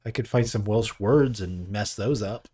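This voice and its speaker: A man co-hosting a live painting stream, chatting casually in a slow, meandering way with many hesitations. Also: lowish voice, dark tone, breathy edge. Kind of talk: casual chat.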